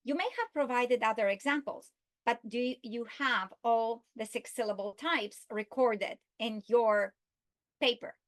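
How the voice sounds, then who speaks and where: Woman teaching phonics slowly, kinda high voice, drawn-out example words. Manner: slow, deliberate, stretches example words. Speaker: literacy instructor. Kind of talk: instructional video lesson.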